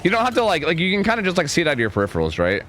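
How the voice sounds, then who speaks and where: A man's voice: a little high, huge pitch swings, racing. A young man streaming a game, chatting casually, rambling with lots of filler words and swearing when frustrated. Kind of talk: casual live gameplay commentary. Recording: clear background noise under the voice.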